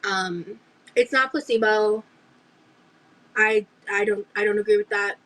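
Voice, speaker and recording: A young woman livestreaming as she opens gifts, talking in gushing, breathy exclamations full of fillers. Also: medium pitch, steady tone, unhurried, fairly bright tone, rough recording. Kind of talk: casual livestream chat.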